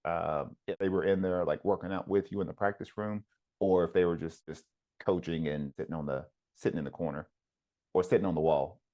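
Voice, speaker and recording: A man's voice: low voice, steady tone, brisk, dull audio. A man who coaches wrestling, talking in an easygoing, casual conversation with frequent ums and uhs. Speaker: wrestling coach and podcast host.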